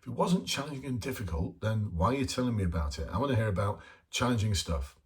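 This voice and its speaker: A man's voice: lowish voice, sing-song, fast. A man talking casually and bluntly as a police interview coach, informal and chatty, with mild swearing. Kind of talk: casual spoken lesson to camera.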